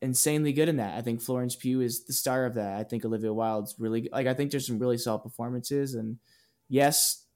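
A man's voice: medium pitch, a little fast, darkish tone. A man co-hosting a podcast, rambling with restarts and filler words in casual chat. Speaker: podcast co-host.

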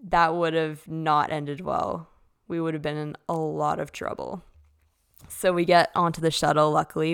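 A woman's voice: low voice, creaky, clean tone. A young woman, casually telling stories in a chatty way full of "like" as a podcast host. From Canada. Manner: chatty, with lots of "like". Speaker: figure skater hosting a podcast. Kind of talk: casual storytelling.

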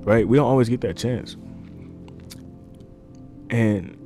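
A man's voice: medium pitch, takes it slowly, mellow, faint music behind. A man preaching an informal sermon into a microphone, earnest and conversational, repeating key lines and using fillers. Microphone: desk microphone.

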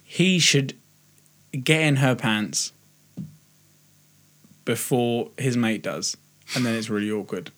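A man's voice: medium pitch, takes it slowly, long pauses, a bit bright. A young man co-hosting a casual podcast, teasing his friend with crude jokes and laughter. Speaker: podcast co-host.

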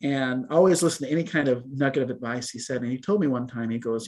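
A middle-aged man preaching a sermon as a pastor, in a relaxed, conversational way with fillers and small laughs. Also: medium pitch, fast, slightly rough.

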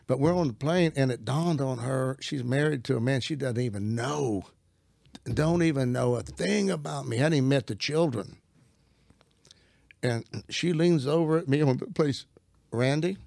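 A man's voice: mid-range voice, moderate pace, vocal fry, a little mellow, no echo, clean studio sound. A middle-aged man, a Christian minister, talking as an interview guest. He tells his stories in an earnest, folksy way and often restarts his sentences. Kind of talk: conversational storytelling.

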